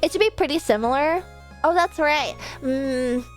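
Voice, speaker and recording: A woman's voice: high voice, unhurried, faint music behind. A woman VTuber streaming from her home setup, chatting casually, rambling and swearing now and then, with a desk mic set a bit far off. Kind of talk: casual live-stream chat.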